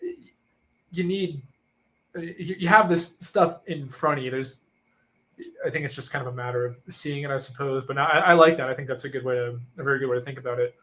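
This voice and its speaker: A man's voice: medium pitch, fairly quick, a bit bright. An agreeable man co-hosts a casual podcast about faith. He stumbles and hesitates before making his points. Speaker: podcast co-host.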